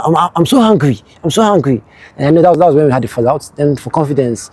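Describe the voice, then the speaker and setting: A man's voice: on the high side, lively intonation, a little mellow, breathy edge, dry recording. A young man recounting camp memories, often repeating words as he gathers his thoughts. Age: young adult. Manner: halting, repeats words as he thinks. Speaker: platoon executive, interviewee. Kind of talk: casual storytelling.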